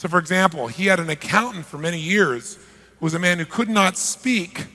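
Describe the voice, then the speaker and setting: A man giving an energetic live seminar talk, often putting questions to the audience. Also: high-pitched, fairly quick. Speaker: motivational seminar speaker. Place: large seminar hall. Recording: live hall reverb.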